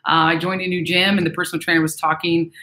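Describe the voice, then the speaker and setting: A woman vlogger giving casual advice to viewers in a chatty, animated way, acting out what other people say. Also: fairly low pitch, fast. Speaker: vlogger reading and answering viewer messages. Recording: echoey room.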